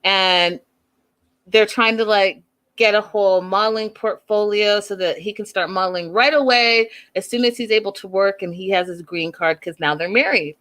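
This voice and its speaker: Woman, recap host, casual chat, mid pitch, animated, quotes people with put-on voices. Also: normal speed. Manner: chatty, animated, acts out the people she quotes.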